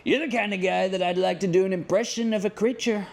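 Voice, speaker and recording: A man's voice: high voice, fast, vocal fry, pitched above the performer's own voice. A man putting on a jokey impression of a boastful older American male politician who piles on praise. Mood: flattering. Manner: flattering, rambling, repetitive praise.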